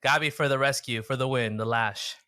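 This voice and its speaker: A man's voice: mid-range voice, brisk, sharp tone. A man co-hosting a casual podcast, teasing his co-host playfully and dropping Spanish words into his English. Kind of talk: casual chat. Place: home in the United States, on a video call.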